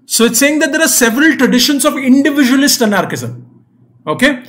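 A young man with a fairly high voice leads an online exam-prep class. He works through a reading passage patiently, repeating key points. He keeps checking that students follow along. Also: big pitch swings, a little fast, fairly bright tone. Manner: patient, repetitive explaining with frequent "right?" and "okay?" checks.

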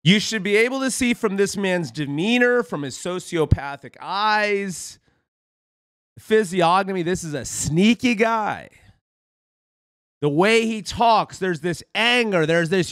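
A man's voice: high-pitched, expressive, measured pace, fairly bright tone, no room sound, studio quality. A man hosting a satirical political commentary show in a mock-preachy, sarcastic, folksy manner. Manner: sarcastic, folksy, keeps calling viewers "friends".

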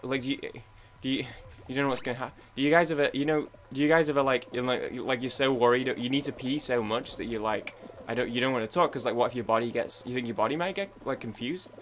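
Young British man, casual gaming chatter, rambling, restarts, hums between thoughts, mid-pitched voice. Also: fast. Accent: British English. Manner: rambling, full of restarts and idle humming. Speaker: gaming YouTuber.

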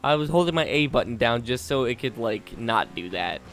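A man narrating his own gameplay at an ordinary middle pitch. He mutters encouragement under his breath, then bursts out in frustration at the game. His talk is loose and chatty, full of coaxing and complaints. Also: animated, moderate pace, a bit bright, a little hiss or hum. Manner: talks to himself and the game, swinging between muttering and exasperated outbursts. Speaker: gaming channel host. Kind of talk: live gameplay commentary.

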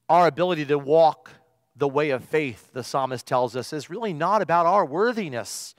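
A man's voice: a little high, lively intonation, moderate pace, no room sound, clean studio sound, in a large hall. A male pastor preaching a sermon, telling stories with emphasis and stretching out the key phrases.

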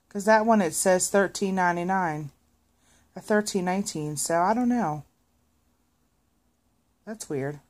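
A woman chatting casually to viewers in a craft vlog, rambling with many fillers and restarts. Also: medium pitch. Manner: animated when retelling a scene. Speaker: craft vlogger.

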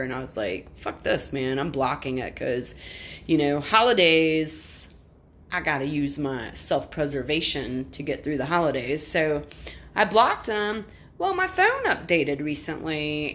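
A middle-aged woman tells a personal story straight to her listeners, candid and blunt, swearing freely. Her voice sits a bit low but leaps up and down with a very lively pitch. A faint hiss of noise runs under the recording. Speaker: vlogger. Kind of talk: casual storytelling to camera.

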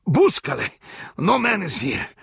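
A man's voice: high-pitched, huge pitch swings, unhurried, creaky, fairly bright tone, husky, no echo, clean studio sound, voice pushed up, heavily acted. Man voicing a gasping old Spanish-accented official. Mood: gasping, pleading. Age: 60s. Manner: gasping, strangled pleading. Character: old male town official being hanged, gasping and pleading.

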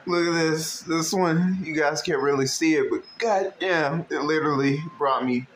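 A man hosting a reaction video, laughing often and swearing freely between loud bursts. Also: a little high, normal speed. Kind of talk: casual reaction commentary. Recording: echoey room with faint background noise.

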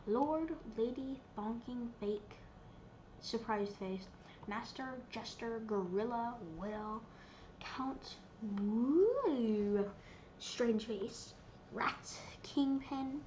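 A woman's voice: on the high side, expressive, very slow, darkish tone, highs cut off, a little hiss or hum. A woman giving casual, playful commentary while she plays a video game, giggling and reading menu options aloud. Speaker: gameplay streamer.

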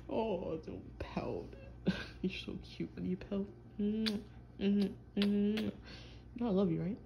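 A woman playing a gravelly teasing vampire boyfriend. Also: medium pitch, takes it slowly, dull audio, noisy background. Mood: affectionate. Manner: teasing, playful, drawling slang. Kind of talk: listener role-play audio.

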